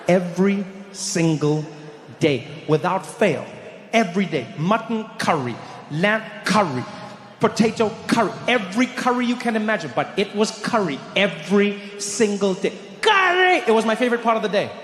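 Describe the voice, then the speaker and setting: A man doing stand-up in a large live venue, telling a story with animated delivery and shouted punchlines. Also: high-pitched, normal speed. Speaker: stand-up comedian. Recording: live show in a reverberant venue.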